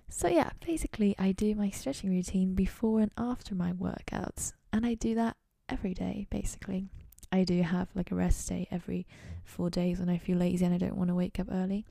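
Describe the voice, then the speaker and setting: A young woman talks in a loose, rambling solo chat, often laughing at herself. Her voice is mellow and carries a gravelly fry, and she sounds close and dry with almost no room around her. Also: fairly low pitch, moderate pace, no echo. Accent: playful put-on accent. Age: young adult. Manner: chatty, rambling, self-mocking. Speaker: university student podcaster.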